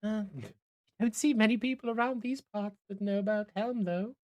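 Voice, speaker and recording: A man voicing a dreamy, devout young woman who hums and giggles, speaking in a soft sing-song with breathy touches. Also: sits high, normal speed, no echo, pitched above the performer's own voice, lightly acted.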